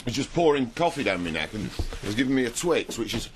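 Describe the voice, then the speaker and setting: A man's voice: mid-range voice, sing-song, a little fast, slight background noise. A man being interviewed in a radio studio, chatting in a rambling, wry and self-deprecating way. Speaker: guest.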